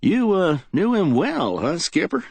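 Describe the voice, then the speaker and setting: A man's voice: sits high, huge pitch swings, a little slow, vocal fry, a little mellow, breathy edge, no echo, voice pushed up, full character voice. A man reading a crime audiobook, voicing a world-weary, wisecracking newspaper reporter in a raised, breezy drawl. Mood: wry.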